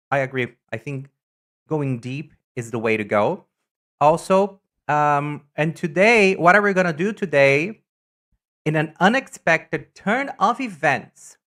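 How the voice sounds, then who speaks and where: A woman streamer in casual live-stream chat, talkative and teasing, answering chat messages with sudden high, loud exclamations. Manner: chatty, reacts to chat messages with loud teasing jumps in pitch.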